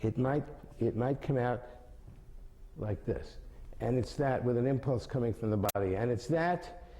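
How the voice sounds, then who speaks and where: A man in his seventies explaining mime and telling jokes with lively storytelling, his voice rising high as the stories build. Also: a little slow, slight background noise. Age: 70s. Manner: animated storytelling with big pitch jumps.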